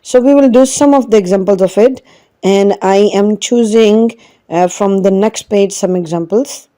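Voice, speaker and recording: A woman's voice: medium pitch, normal speed, warm tone. A woman teaching an online Quran reading lesson, patiently drilling each syllable and repeating it. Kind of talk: slow spelled-out online lesson.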